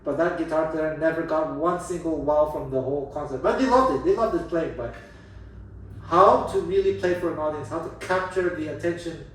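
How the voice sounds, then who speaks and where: Here the jazz guitar teacher and host sounds on the high side, with a little hiss or hum in the audio. He talks casually and with emphasis about playing for listeners, frequently starting sentences over, while a far-off mic picks up room echo and faint ambience.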